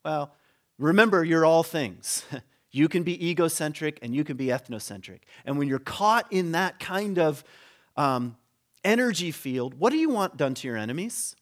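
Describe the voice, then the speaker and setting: A man delivering a relaxed, conversational sermon at a slightly higher pitch than most men. He tells the story with humor and dips into quick impressions of the characters as he goes. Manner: animated storytelling, acting out quoted voices with humor. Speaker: preacher.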